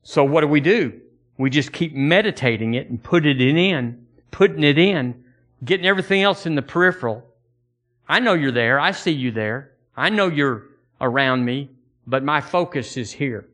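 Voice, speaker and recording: Preacher guy giving a sermon, kinda high voice, folksy, repeats himself a lot. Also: expressive, normal speed, fairly bright tone. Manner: folksy, repeats words as he builds a point; quotes scripture in old-fashioned phrasing. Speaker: pastor.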